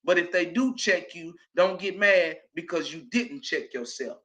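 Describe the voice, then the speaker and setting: Emphatic high-voiced Southern man preaching. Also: a little slow. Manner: preachy and emphatic, rising to shouts. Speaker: show host. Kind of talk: motivational monologue.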